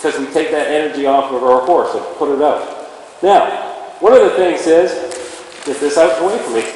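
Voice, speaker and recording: A man's voice: fairly high pitch, moderate pace, darkish tone. A man training a horse in an indoor arena, explaining each step and speaking to the horse as he works. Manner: talks to the horse while explaining. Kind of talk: instructional demonstration. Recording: very echoey arena with faint ambient noise.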